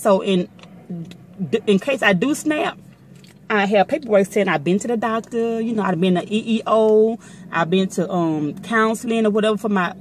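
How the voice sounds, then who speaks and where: A middle-aged woman vlogger telling a story to her viewers in a blunt, profane and animated casual way. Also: mid-range voice, normal speed, a little hiss or hum.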